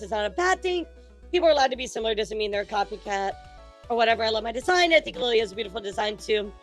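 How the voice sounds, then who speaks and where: A woman's voice: on the high side, expressive, rapid-fire. Woman answering an interview, faint music behind.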